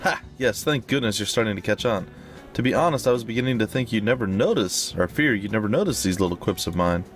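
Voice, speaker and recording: A man voicing an excitable, pun-loving female companion in a high, gushing voice. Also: fast talker, faint music behind, close to an everyday voice.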